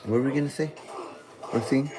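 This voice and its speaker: A man high on weed, rambling goofily in a meandering monologue addressed to God. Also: a little fast. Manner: goofy, meandering, talks to God. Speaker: vlogger. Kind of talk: rambling stream-of-consciousness monologue.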